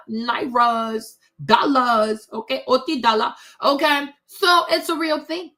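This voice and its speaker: A woman's voice: on the high side, animated, unhurried, hardly any pauses, pushed and bright. A woman hosting opinionated commentary, blunt and sassy, talking straight to her viewers. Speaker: commentary host.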